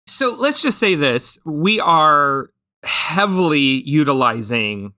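A man's voice: on the high side, sing-song, slow pace, sharp tone, no room sound, studio quality. A man hosting a podcast, chatting casually and telling stories with many restarts and fillers. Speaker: podcast host.

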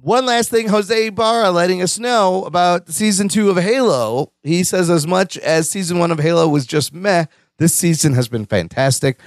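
A man's voice: high-pitched, moderate pace, few pauses, no room sound, clean studio sound. A man hosting a casual podcast chat, laughing often as he reads out listener news. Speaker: podcast host.

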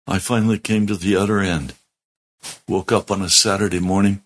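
A man's voice: low-pitched, steady tone, fairly quick. A middle-aged man, a pastor, telling his testimony in a sermon, earnest and heartfelt with strong emphasis.

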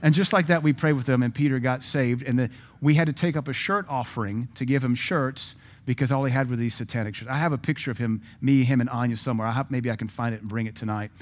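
A man's voice: medium pitch, fast talker, hardly any pauses. A middle-aged man, preaching a sermon as pastor, telling stories with acted-out quotes and blunt asides.

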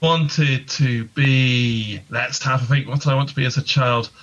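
A man's voice: mid-range voice, fairly even intonation, a little slow, fairly bright tone, muffled recording. A man, a podcast guest chatting casually with dry, self-deprecating humour. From England. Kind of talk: casual interview chat.

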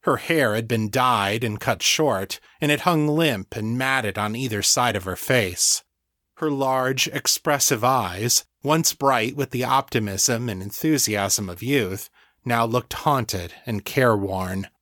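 Steady male audiobook narrator. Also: mid-range voice, slow pace, dry recording, clean studio sound.

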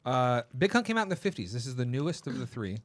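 A man's voice: medium pitch, very animated, fast, no room sound. A man hosting a casual tasting chat, rambling and chatty, reading out labels and history. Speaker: host.

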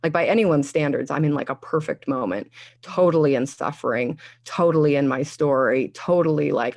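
A woman in her thirties telling a candid personal story in conversation, animated, laughing often and acting out her own past thoughts. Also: low voice, normal speed. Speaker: guest sharing a personal story.

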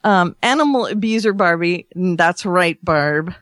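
A woman's voice: on the low side, animated, unhurried, hardly any pauses, no echo, clean studio sound. A woman co-hosting a podcast in casual chat, wry and agreeable, often saying that's right. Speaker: podcast co-host.

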